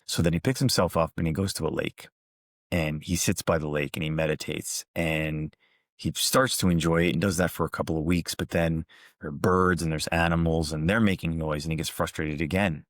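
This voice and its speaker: A motivational speaker and coach with a very low, deep voice gives a reflective talk. His stories come across calm, measured and earnest, recorded close and dry with no room echo.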